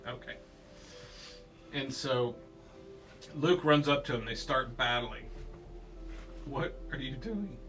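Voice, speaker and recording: A man's voice: medium pitch, slow, pauses often, fairly bright tone. A man telling a child an improvised bedtime story, playful and rambling, with silly sound effects. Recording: distant mic with faint music.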